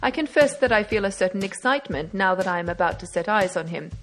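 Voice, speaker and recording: A woman reading aloud as an excitable older male magistrate, given to indignant outbursts. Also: medium pitch, quick pace, soft background music, lightly acted. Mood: wry.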